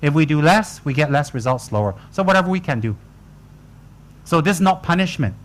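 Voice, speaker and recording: A man's voice: on the high side, lively intonation, a little fast, slight background noise. A man giving a joking, colloquial dharma talk to retreat students. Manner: joking, teasing, colloquial asides. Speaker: Buddhist teacher.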